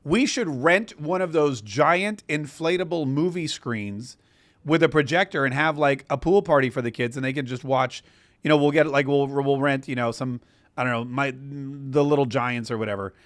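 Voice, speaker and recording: An American man in his forties hosts a live stream show, chatting casually and spinning a long, rambling story full of restarts. His voice is mid-range at a moderate pace, with no room sound.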